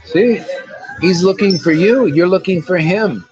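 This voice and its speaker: A man's voice: sits high, measured pace, a little mellow, muffled recording, faint music behind. A man giving an informal devotional talk as a spiritual teacher, blunt, preachy and full of slang.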